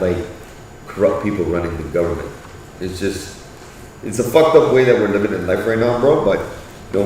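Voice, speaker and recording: This Canadian man's voice sits low with a darkish tone. Chatting casually, he's blunt and swears freely, often asking "you get what I'm saying." The audio is echoey and distant from the microphone, with a little background noise.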